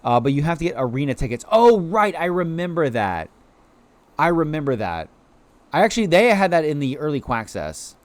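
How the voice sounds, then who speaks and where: Excitable male streamer, lively pitch. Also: moderate pace, no room sound. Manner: excitable, yells greetings to chatters; playful, quacks like a duck. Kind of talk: casual live-stream chat over gameplay.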